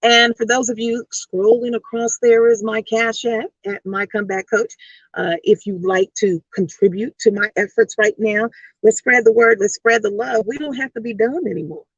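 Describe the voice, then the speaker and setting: A woman life coach delivers a motivational vlog talk in an emphatic, repetitive, preaching rhythm. Her fairly high voice carries a husky grain. The sound is dry and close. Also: fairly even intonation, normal speed, no echo, lo-fi sound.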